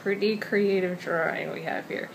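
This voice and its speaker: A woman's voice: on the low side, steady tone, normal speed, vocal fry, muffled recording. Rambling woman on noisy home video. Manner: chatty, rambling, with many fillers. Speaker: children's book author. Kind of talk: casual talk to camera.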